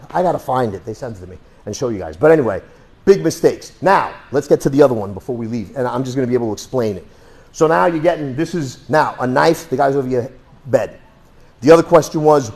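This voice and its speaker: A man's voice: fairly high pitch, creaky, darkish tone, breathy edge. A man teaching self-defense through a hands-on demonstration, talking bluntly and cursing freely. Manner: blunt, profane, streetwise.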